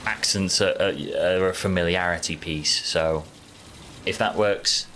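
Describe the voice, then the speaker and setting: A man's voice: low-pitched, fairly even intonation, a little slow, pushed and bright, a little hiss or hum. A man with a mild Yorkshire accent chatting casually while playing a video game, rambling through answers to chat and muttering to himself over the gameplay. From Yorkshire, England. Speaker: gaming streamer.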